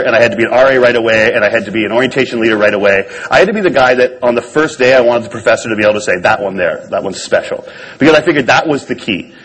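A man's voice: medium pitch, fairly bright tone, slight background noise, poor audio. A man on stage telling a personal story to an audience in a wry, self-deprecating way. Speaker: speaker giving a talk.

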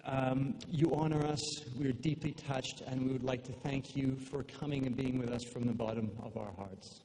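A man speaking at his father's memorial, halting, with many fillers and restarts. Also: medium pitch, steady tone, warm tone. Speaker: son giving a eulogy. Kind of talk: memorial speech. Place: large hall with long reverb. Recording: echoey hall, faint room noise.

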